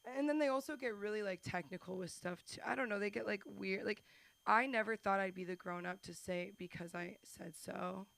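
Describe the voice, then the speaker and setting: A woman's voice: medium pitch, fairly quick, gravelly, a bit bright. A woman doing stand-up at an open mic, chatty and rambling, poking fun at herself as she hosts. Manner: chatty, rambling, self-deprecating. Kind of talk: stand-up comedy. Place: small comedy club stage.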